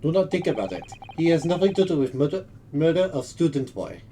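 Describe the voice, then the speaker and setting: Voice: mid-range voice, sing-song, brisk, mellow, slight background noise. A streamer voicing a blunt, suspicious male sailor guard with a put-on Russian accent and broken, clipped English, as part of a one-person game playthrough. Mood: defensive. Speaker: game character. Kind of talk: solo voice acting of a game playthrough.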